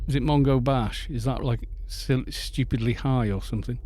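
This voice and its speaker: A man's voice: medium pitch, steady tone, normal speed, warm tone. A Welsh man streaming a game, chatting casually and rambling as he greets viewers at a desk microphone. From Wales. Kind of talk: casual live-stream chat while playing.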